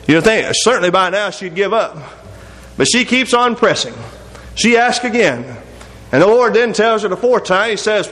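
Preacher, male, high voice, homespun delivery that asks the listeners a lot of questions, booming church-hall echo. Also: animated, normal speed, a bit bright. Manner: folksy, conversational, many rhetorical questions. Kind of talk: sermon. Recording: long reverb of a large hall.

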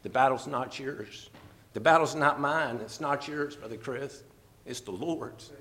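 A man preaching a fervent, emotional sermon, at times teary and laughing softly. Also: mid-range voice, unhurried.

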